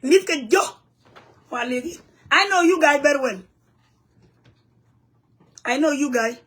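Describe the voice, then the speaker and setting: South sudanese woman, high voice, angry rant to camera in broken english. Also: animated, measured pace, a bit bright. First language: Nuer. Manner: heated, blunt, broken English mixed with Nuer phrases. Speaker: community vlogger. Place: home in the U.S.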